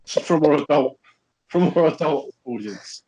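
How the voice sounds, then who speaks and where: A man's voice: on the high side, animated, a little slow, warm tone, rough recording. A man co-hosting a podcast, chatting casually and joking around. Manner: jokey, acts out voices in his stories. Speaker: podcast co-host. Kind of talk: casual chat.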